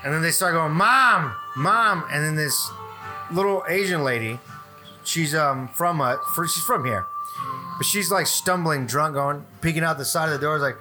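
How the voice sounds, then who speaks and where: A man's voice: fairly high pitch, normal speed, music in the background. A man who works as a gas service technician, telling profane stories about his job in casual chat and acting out the people he quotes.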